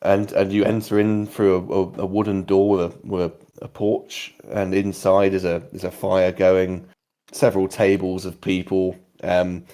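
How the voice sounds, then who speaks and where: Game master, man, low mellow voice, halting and rambling as he describes the scene. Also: monotone. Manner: rambling, halting, lots of ums. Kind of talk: narrating a tabletop game.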